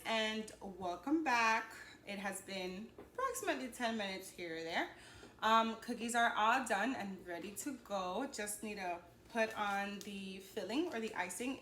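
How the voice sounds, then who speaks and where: A woman's voice: mid-range voice, bright, forceful tone, roomy sound, a little hiss or hum. A woman hosting a casual home baking show, chatty and upbeat as she walks viewers through each step. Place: home kitchen.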